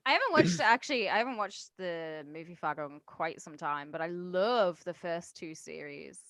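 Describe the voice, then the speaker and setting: Lively low-voiced woman chatting. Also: no room sound. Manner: chatty, sweary, quick to laugh. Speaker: podcast co-host. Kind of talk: casual podcast chat.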